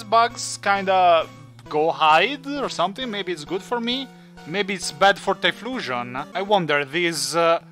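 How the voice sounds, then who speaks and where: A man's voice: sits high, bright, forceful tone. A man who is not a native English speaker, chatting and joking through his let's play. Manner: chatty, jokey, thinks aloud. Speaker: gaming channel host.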